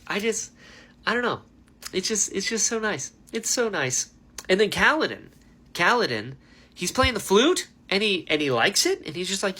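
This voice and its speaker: A man's voice: sits high, a little slow, pauses often. A man hosting a book reaction video, talking in a casual, chatty way and saying "like" and "dude" a lot. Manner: animated, chatty, heavy use of "like" and "dude".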